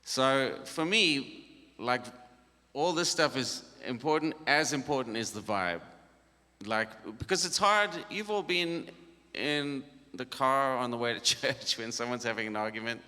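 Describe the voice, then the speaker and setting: A middle-aged man talks through a band workshop in a loose, joking way, his voice bright and forward. The long reverb of a conference hall hangs behind every phrase. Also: medium pitch, animated, a little slow. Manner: easygoing and jokey, with frequent laughs. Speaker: worship leader leading a band workshop. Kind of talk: casual workshop talk.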